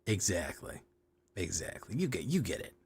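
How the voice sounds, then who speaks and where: A man's voice: fairly low pitch, normal speed, slight background noise. A man hosting a card game stream, talking in a playful, joking way. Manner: playful, joking, lively delivery. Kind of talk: casual stream commentary.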